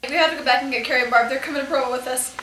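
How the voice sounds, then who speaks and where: Young woman, very high voice, quick excited laughing storyteller, camcorder in an echoey room with heavy hiss. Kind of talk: casual storytelling among friends. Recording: echoey room, very loud noise.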